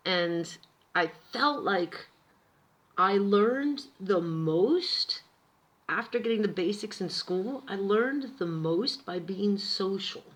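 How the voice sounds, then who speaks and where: A woman's voice: medium pitch, lively intonation, slow. An American woman vlogging in a chatty, reflective way about her own experience. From United States. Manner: chatty, reflective, with some fillers. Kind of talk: casual talk to camera.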